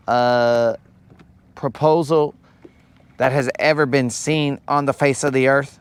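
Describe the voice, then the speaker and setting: A man's voice: a little high, clean tone. A young man hosting a live fishing stream, chatting casually in a rambling, joking way from a boat on a lake. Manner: rambling, joking, slow-paced. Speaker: fishing livestream host.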